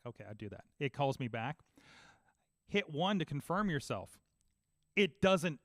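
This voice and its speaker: A man's voice: mid-range voice, moderate pace, smooth, dry recording. Man telling a story in a dry room. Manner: animated storytelling, acting out both sides of calls. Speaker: podcast host. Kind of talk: casual chat.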